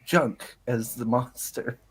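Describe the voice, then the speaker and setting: A man's voice: mid-range voice, slow, slightly rough. A man co-hosting a podcast in casual chat, rambling and repeating words as he starts his sentences. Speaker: podcast co-host.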